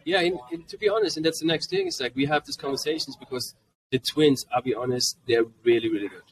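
A man in his forties with a German accent, a guest on a podcast, telling family stories in a lively, casual way and acting out what his kids said. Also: medium pitch, fast. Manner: animated, jumps into quoted voices of his kids. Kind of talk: casual storytelling. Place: convention podcast booth. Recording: voice a bit distant from the mic.

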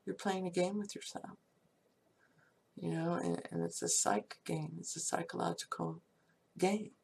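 A woman's voice: fairly low pitch, fairly even intonation, unhurried, creaky, a little mellow, a little hiss or hum. A woman giving a casual, upbeat talk on prayer and feeling, often laughing and dropping into whispers. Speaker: spiritual speaker.

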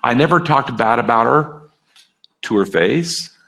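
A man speaking to a live and virtual audience in a lively, animated voice whose pitch moves all over. He coaxes answers from the room, calls on people by name and echoes their replies back. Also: a little slow, vocal fry. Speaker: speaker leading a workshop. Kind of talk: interactive seminar talk to a live and online audience.

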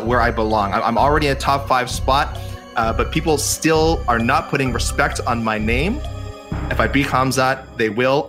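A man's voice: mid-range voice, close to an everyday voice. A man doing a mock British fighter with a put-on London accent, boastful and self-promoting, on a casual podcast. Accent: put-on London English. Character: brash British male fighter, cocky and aggrieved.

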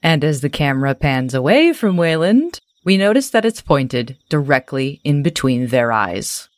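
Low-voiced woman game master narrating. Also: very animated, normal speed, no room sound. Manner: detailed, cinematic descriptions.

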